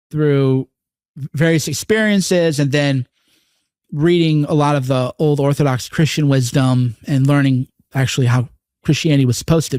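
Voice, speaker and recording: Interview guest, male, earnest and blunt, curses freely, slightly high voice, dry studio sound. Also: a little mellow, no room sound. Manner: earnest, profane, mimics voices in quotes. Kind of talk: candid interview conversation.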